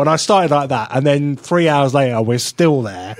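Man, radio co-host, animated pitch, dry close studio sound, laughs while telling stories. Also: moderate pace, dry recording. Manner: animated storyteller, laughs often, puts on voices in anecdotes. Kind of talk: casual radio chat.

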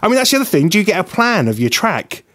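A man co-hosting a radio talk show, chatty and quick to laugh while telling stories. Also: high-pitched. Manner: chatty, laughs often, lively storyteller. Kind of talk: casual banter.

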